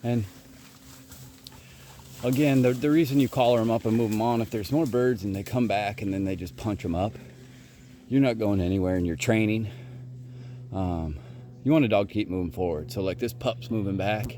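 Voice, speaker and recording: Out in the woods, a low-voiced man narrates to camera at a moderate pace with long pauses while training his bird dogs, calling to them loudly and praising them. The field recording carries noise, birdsong, and other outdoor sounds.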